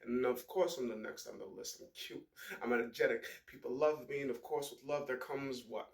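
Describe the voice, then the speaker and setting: A young man talking to camera in a rambling, emotional monologue that swings into loud outbursts. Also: mid-range voice, fairly quick. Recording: echoey room.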